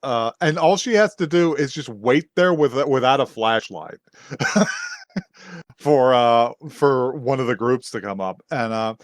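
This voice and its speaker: A man's voice: medium pitch, lively intonation, slow, no room sound. A young man chats casually through an anime recap on a podcast. He keeps breaking into laughter and acting out what the characters say. His mid-range voice sits close and dry on the mic. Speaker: podcast co-host.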